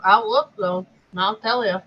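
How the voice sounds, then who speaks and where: A woman's voice: on the high side, wildly swooping pitch, normal speed, gravelly, husky, dull audio. A woman in a casual chat with friends, blunt and casually swearing.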